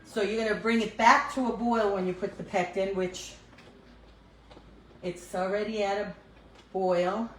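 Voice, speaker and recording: A woman's voice: medium pitch, steady tone, measured pace, long pauses, a bit bright. Older New York woman cooking and chatting. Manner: chatty, laughs often, talks while cooking. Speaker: cooking livestream host. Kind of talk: casual cooking chat. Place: home kitchen. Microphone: phone. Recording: echoey room, faint background noise.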